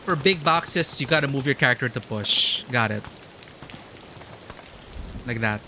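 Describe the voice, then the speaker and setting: Excitable male streamer, bright voice. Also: mid-range voice, unhurried, slight background noise. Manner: chatty, excitable, laughs often. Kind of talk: live gameplay commentary.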